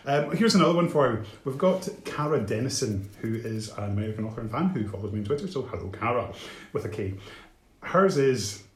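A man in casual podcast chat, reading listener replies at an even pace. His voice sits mid-range, and it echoes in a roomy space. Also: medium pitch, fairly quick. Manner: informative, reads out listener replies. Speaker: podcast co-host.

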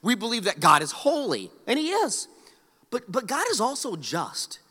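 A man's voice: high voice, wildly swooping pitch, moderate pace, pushed and bright, husky. A middle-aged male pastor preaching a sermon, telling stories with joking asides to the congregation. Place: large church hall. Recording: long hall reverb.

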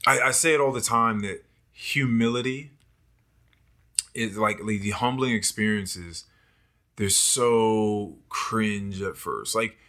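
A man chatting casually on a podcast, lively and self-mocking, often acting out his own past thoughts. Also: on the low side, slow. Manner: animated, acts out his own past thoughts in quoted voices, laughs often. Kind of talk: casual chat.

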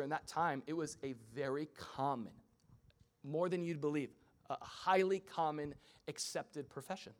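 A young male pastor with a high, light voice delivers a sermon. He keeps it casual and funny, and jumps in and out of quick impressions of the people in his story. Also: gravelly. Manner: conversational and humorous, acting out quick voices.

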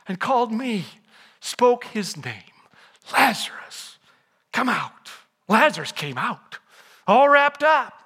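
A man's voice: very high voice, sharp tone. A man giving a humorous sermon to a college audience, asking them questions, joking, and acting out the lines of the story. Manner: jokey, asks the audience questions, acts out quotes. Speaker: chapel speaker.

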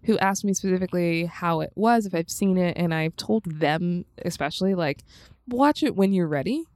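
A young adult woman co-hosting a podcast, chatting casually about films with relaxed fillers and laughs. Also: lowish voice, moderate pace, no room sound, studio quality. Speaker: podcast co-host. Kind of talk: casual movie recommendation chat.

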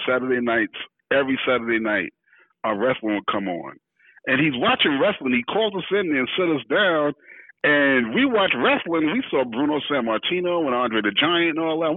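A rapper and entertainer, a man, telling animated stories as an interview guest and acting out the voices of others. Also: medium pitch, no room sound. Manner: lively, acts out quoted voices, laughs while telling. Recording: tinny dry phone-like audio.

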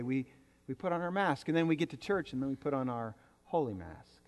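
Expressive and brisk, a man with a medium-pitched voice delivers a sermon as pastor in a church sanctuary. His manner with the congregation is conversational, full of jokes and repeated words, captured in a reverberant hall.

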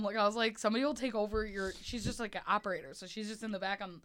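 A woman's voice: mid-range voice, steady tone, racing, a bit bright. A woman guest in a casual podcast chat, telling comic stories animatedly, laughing often and acting out what people said.

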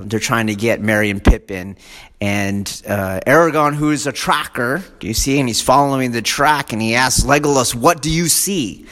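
A man who sounds like a martial arts instructor, giving a rambling casual lecture. He digresses often, keeps checking in with his listeners, and gets animated when he acts out fan excitement. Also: medium pitch. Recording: long reverb of a large hall.

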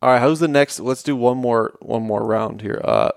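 A man's voice: mid-range voice, normal speed, creaky, smooth, dry recording, clean studio sound. A man co-hosting a casual podcast chat, blunt and profane, given to mocking impressions. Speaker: podcast co-host.

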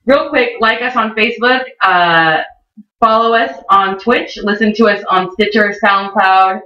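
Woman podcast co-host, bright, swearing rambler, heard from a distance off the mic. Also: mid-range voice, a little slow. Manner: rambling, profane storytelling. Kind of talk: casual chat. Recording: roomy, distant, dull lo-fi sound.

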